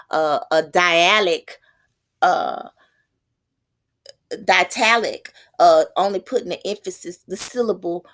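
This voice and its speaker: Woman prophetess, low voice, slow halting delivery, casual preaching. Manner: halting, repeats words, thinking aloud. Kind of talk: informal religious teaching.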